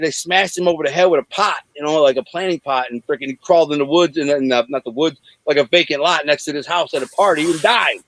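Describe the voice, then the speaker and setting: A man in his forties from Detroit, bluntly telling rough stories in an interview over a video call, rambling with many restarts. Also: on the high side, a bit bright, no echo, poor audio. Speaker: interview guest. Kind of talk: candid storytelling in an interview.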